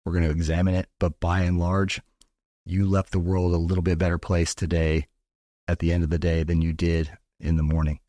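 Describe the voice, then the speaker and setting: A man's voice: low voice, little pitch movement, a little fast, dark tone, dry recording, studio quality. A man from Texas, a podcast guest talking in an earnest, motivational way and swearing freely. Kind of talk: casual podcast talk.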